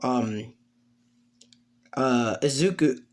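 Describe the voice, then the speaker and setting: A man's voice: medium pitch, extremely slow, darkish tone. A man narrating an improvised fan story, hesitant, full of fillers and self-corrections.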